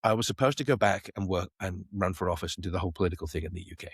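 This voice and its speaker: He's a middle-aged Manx space company CEO, guesting on a podcast, and his deep voice comes out rapid-fire with a breathy edge. He tells stories animatedly, performing the people he quotes. The sound is clean studio audio with no room sound.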